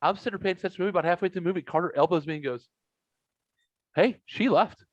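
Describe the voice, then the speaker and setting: A man in his forties hosting a podcast, telling a story in a casual, animated way with some swearing and acted-out lines. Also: high-pitched, rapid-fire, no echo, highs cut off. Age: 40s. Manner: animated, swearing, acts out other people's lines. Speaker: podcast host.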